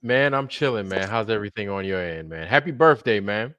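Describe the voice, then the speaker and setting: A man's voice: fairly low pitch, animated, fairly quick, a bit bright, clear, resonant tone, dry recording, dull audio. A man hosting a casual livestream, chatting loosely with viewers, swearing often and now and then slipping into mocking impressions. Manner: profane, laid-back, drifts into mocking impressions. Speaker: livestream host.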